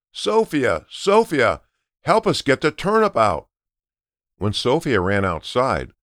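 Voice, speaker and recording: A man narrating a children's story aloud in an expressive storytelling manner. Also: on the low side, no room sound, clean studio sound. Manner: expressive, sing-song storytelling.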